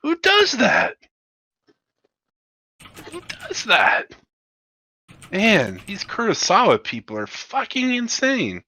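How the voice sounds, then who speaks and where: A man's voice: a little slow, hardly any pauses, sharp tone, heavily acted. A man voicing a rattled, foul-mouthed male pirate crewman in a hangar bay during a sci-fi tabletop game. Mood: incredulous. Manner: shrill, swearing, incredulous.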